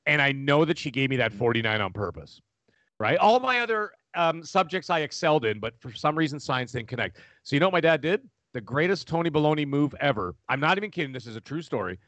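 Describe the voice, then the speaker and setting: A man, chatting casually as a podcast co-host, rambling and animated. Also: a little high, quick pace, dry recording. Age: 40s. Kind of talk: casual chat.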